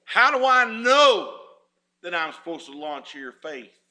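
A man's voice: sits high, sing-song, measured pace, bright, forceful tone. A man preaching a sermon as pastor, folksy and rising in fervor.

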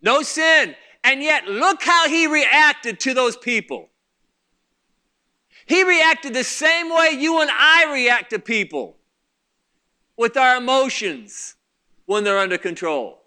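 Man, pastor preaching a sermon, very high voice, smooth and clear, impassioned, loud bursts and quiet asides. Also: animated, slow pace, long pauses.

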